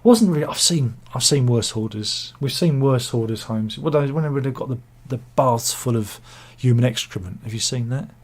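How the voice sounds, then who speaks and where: British man, home vlogger; husky mid-pitched voice; rambling, self-mocking comment-reading chat. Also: normal speed, hardly any pauses. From Britain. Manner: rambling, joking, self-deprecating. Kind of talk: casual chat. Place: cold room at home.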